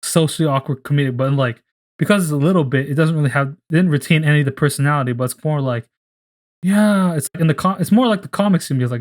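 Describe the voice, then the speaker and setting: A man's voice: fairly high pitch, fast. A man co-hosting a casual podcast, talking in a rambling, profane way full of restarts. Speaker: podcast co-host. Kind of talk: casual chat.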